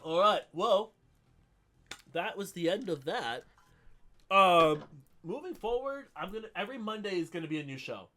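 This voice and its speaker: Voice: mid-range voice, lively intonation, normal speed, long pauses, fairly bright tone. A podcast host with a scratchy throat, chatting casually on a solo show, rambling with lots of fillers and giggles.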